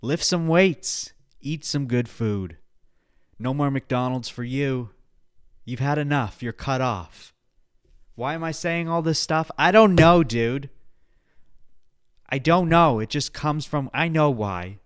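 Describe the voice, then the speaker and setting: A man's voice: mid-range voice, slow, clean tone, no echo, clean studio sound. Rambling, profane male podcast host. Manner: rambling, profane, pep-talk delivery with sudden loud outbursts. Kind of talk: casual solo podcast chat.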